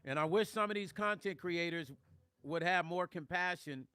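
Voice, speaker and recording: A man's voice: high voice, moderate pace, bright, forceful tone, clean tone. Tearful man on a livestream. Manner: tearful, heartfelt, reads chat comments aloud. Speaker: livestream vlogger reading viewer comments. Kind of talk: emotional livestream talk.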